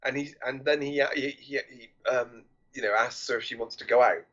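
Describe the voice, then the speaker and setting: A man's voice: medium pitch, steady tone, moderate pace, fairly bright tone, highs cut off. A man co-hosting a podcast who chimes in to agree and adds half-remembered details about a film scene. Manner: frequent agreeing interjections, hedging recall. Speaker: podcast co-host. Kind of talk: casual film discussion.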